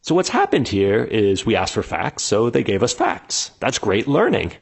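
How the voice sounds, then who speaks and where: A man with a fairly low, slightly husky voice explains things in a loose, chatty way. His pitch moves around a lot, so the delivery stays animated, and he keeps dropping in little fillers as he goes. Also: normal speed. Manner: conversational, many fillers, animated when quoting people. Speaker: instructor explaining customer interviews. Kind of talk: casual spoken lesson, acting out example dialogues.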